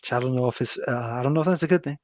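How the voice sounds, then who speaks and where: A man's voice: medium pitch, rapid-fire, no echo. A man co-hosting a podcast, casually recapping a wrestling episode with loose, profane banter. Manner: loose and profane, with frequent fillers and laughs.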